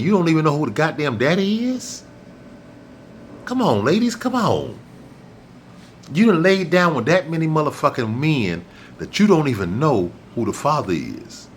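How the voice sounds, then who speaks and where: Man, middle-aged, vlog host, profane preachy rant, repetitive, lively pitch, faint rumble behind. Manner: blunt, profane and preachy, repeats himself for emphasis. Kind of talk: ranting monologue to camera.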